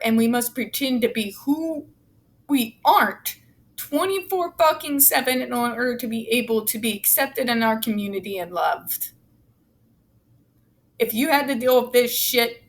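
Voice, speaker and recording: A woman giving angry, blunt commentary as she reads from a report, swearing heavily and sarcastic. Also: a little high. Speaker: autistic advocate commentator.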